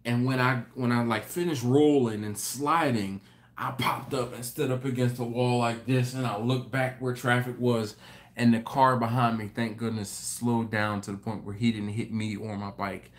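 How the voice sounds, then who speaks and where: A man hosting a live stream, telling a story in an animated, rambling way with many restarts. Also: medium pitch, normal speed. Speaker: host. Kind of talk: casual live-stream chat.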